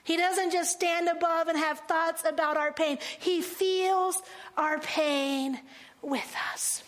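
High-voiced woman preaching, slow and deliberate. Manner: animated preaching with laughs and dramatic slow, hushed phrases. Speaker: pastor. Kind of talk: sermon.

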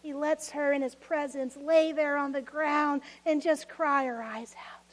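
A woman preaching a sermon, expressive and laughing often, acting out voices of people from the story. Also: sits high, a little slow.

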